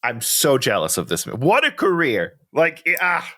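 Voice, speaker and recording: Male co-host, casual film-review chat, animated delivery with bright, lively tone. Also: medium pitch. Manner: animated, laughs often, acts out scenes in quick quoted voices. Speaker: podcast co-host.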